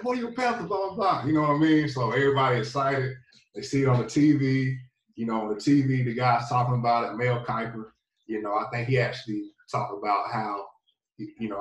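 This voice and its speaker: A man from North Carolina, a pro football player, telling his story as a guest in a laid-back, rambling way full of fillers. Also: lowish voice. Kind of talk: casual storytelling. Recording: roomy, distant from the mic.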